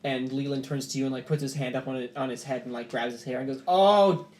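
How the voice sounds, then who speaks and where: A man's voice: mid-range voice, flat delivery, fast, a little mellow. Casual man narrating as game master. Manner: casual, many filler "like"s.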